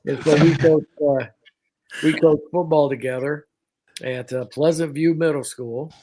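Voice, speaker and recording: A man's voice: fairly high pitch, fairly even intonation, measured pace, dark tone, low-quality recording. An older man, a former coach, teasing an old roommate in wry chat.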